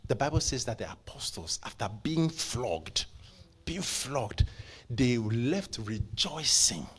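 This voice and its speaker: A man preaching a church sermon, impassioned, with stammering repeats, dropping to hushed whispers and then rising to loud bursts. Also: mid-range voice, big pitch swings, slow. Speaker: pastor. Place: church service.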